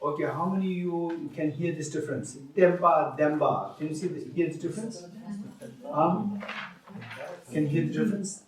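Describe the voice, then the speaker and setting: A man's voice: a little high, fairly quick, long pauses, darkish tone, far from the mic. A man teaching a retreat class in a hall, often checking whether the students follow and repeating his points. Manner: questioning, repeats himself, laughs with students. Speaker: Buddhist teacher. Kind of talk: dharma teaching with questions to students. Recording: echoey hall, voice off-mic.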